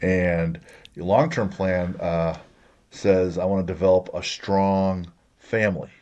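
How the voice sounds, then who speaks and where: Low-voiced man hosting, slightly muffled audio. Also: steady tone, takes it slowly, a little mellow. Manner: joking, teasing questions. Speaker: podcast host. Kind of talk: casual interview chat.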